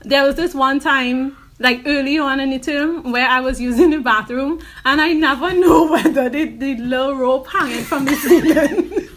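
A woman from Trinidad co-hosting a podcast, telling a story in an animated way with frequent laughter. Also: sits high, normal speed, few pauses, slight background noise. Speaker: podcast co-host. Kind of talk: casual chat.

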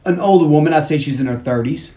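A man's voice: fairly high pitch, quick pace, mellow. A man casually recapping a movie on a podcast, joking and swearing freely as he acts out scenes. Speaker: podcast co-host.

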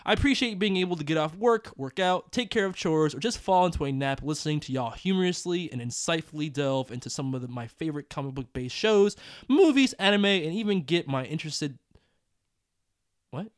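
A male podcast host reads listener emails out loud, breaking in with jokes and quick laughs. His voice sits a bit high. The recording is close and dry, with no room sound. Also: animated, clean tone, no room sound. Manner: reads aloud with joking asides, laughs often. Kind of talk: casual podcast chat.

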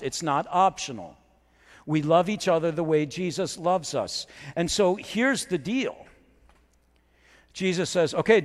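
A male pastor delivering a sermon to a live congregation, talking casually with self-deprecating asides, then building to emphatic preaching. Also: a little high. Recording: long reverb of a large hall.

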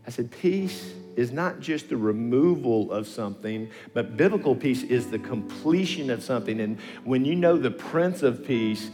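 A man preaching a sermon, mid-pitched, telling stories and jumping into high, lively voices for the people he quotes. His voice rings out in a large hall with a long echo. Soft instrumental music plays faintly behind him. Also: moderate pace, few pauses. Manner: animated storyteller, acting out quotes in pitch leaps. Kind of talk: sermon with storytelling.

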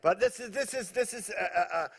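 A pastor telling a joke in church, halting with many restarts. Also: male voice, high-pitched, slightly rough.

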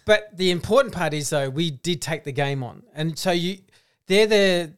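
Australian man, casual sports chat, smooth clear voice, animated delivery. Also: on the high side, normal speed. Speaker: football podcast co-host.

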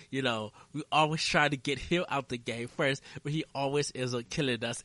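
A man's voice: mid-range voice, a bit bright, no echo. A man talking casually and rambling, with many fillers and restarts. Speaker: gaming commentator. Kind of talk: casual monologue.

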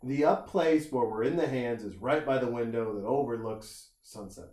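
A man telling a long, animated anecdote in casual chat, acting out the people in it and swearing freely. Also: mid-range voice, normal speed. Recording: roomy echo.

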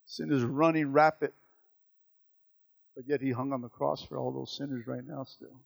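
A man preaching a sermon, moving from quiet, low passages to loud, emphatic repetitions. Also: fairly even intonation, moderate pace, gravelly.

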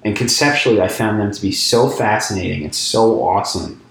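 A man's voice: on the low side, a little fast, a little hiss or hum. A man who grew up in England, a podcast co-host and reporter, telling stories in a casual chat with eager, self-deprecating enthusiasm. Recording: echoey room.

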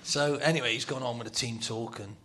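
A man's voice: mid-range voice, flat delivery, fairly quick, sharp tone. A middle-aged man telling football stories in a casual talk, laughing often and dropping to a whisper for his inner thoughts. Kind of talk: casual storytelling on a talk show.

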